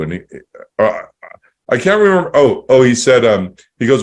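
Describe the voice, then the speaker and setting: A man with a fairly low voice hosts a casual podcast chat. He rambles through a story with restarts and quick acted-out dialogue. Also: lively intonation. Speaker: podcast host.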